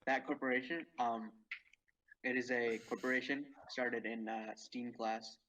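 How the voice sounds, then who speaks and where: A man's voice: medium pitch, flat delivery, unhurried, pushed and bright. A teenage boy guest in a casual podcast, talking hesitantly with many ums. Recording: distant, dull mic.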